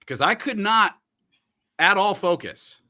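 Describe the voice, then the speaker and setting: A man's voice: sits high, takes it slowly. A man hosting a casual livestream from a radio studio, joking and talking while he eats. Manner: animated, joking, talks while eating. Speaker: radio host.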